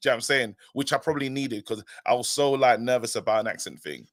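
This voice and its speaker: A man's voice: medium pitch, fast, dry recording, studio quality. A man co-hosting a fan livestream, talking in a laid-back, slangy, conversational way. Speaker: regular co-host on fan channel. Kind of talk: casual live-stream chat.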